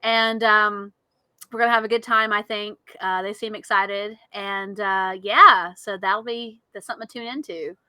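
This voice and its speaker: A woman co-hosting a casual podcast, enthusiastic and quick to laugh. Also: medium pitch, fairly even intonation, pushed and bright, smooth, dry recording. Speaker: podcast co-host. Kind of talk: casual chat.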